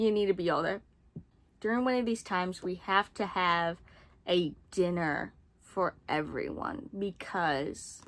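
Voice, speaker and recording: In a medium-pitched voice, a young adult woman talks through a book series review, sarcastic and rambling. She keeps dropping asides and swearing frequently.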